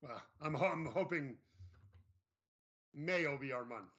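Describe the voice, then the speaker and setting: A man hosting a casual live-stream interview over a video call, talking haltingly with many restarts. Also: fairly high pitch, fairly bright tone. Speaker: host. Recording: dull lo-fi stream audio.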